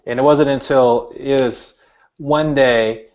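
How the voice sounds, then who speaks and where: A man's voice: mid-range voice, slow. Earnest storytelling man, lo-fi audio. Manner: earnest, animated storytelling with many restarts. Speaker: author and speaker. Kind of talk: interview, storytelling. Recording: dull lo-fi audio.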